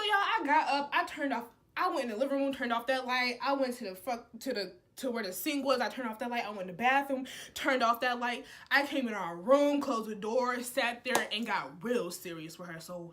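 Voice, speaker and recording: A young woman vlogger telling a story in a casual, slangy way, jumping between loud outbursts and low asides. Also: expressive, moderate pace.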